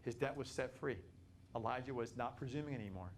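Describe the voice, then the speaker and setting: A man teaching a Bible study class, animated and repetitive, building to emphatic peaks. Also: medium pitch, brisk, slight background noise.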